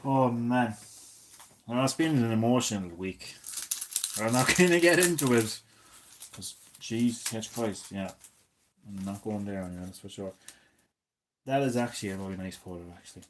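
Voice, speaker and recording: A man in his thirties, chatting casually and swearing a lot as a gaming streamer, drifting between loud remarks and mumbled asides. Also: lowish voice, moderate pace, background noise. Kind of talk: casual rambling commentary.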